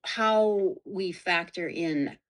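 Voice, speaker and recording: A woman speaking as a production designer in a casual panel talk, halting and searching for words. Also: on the low side.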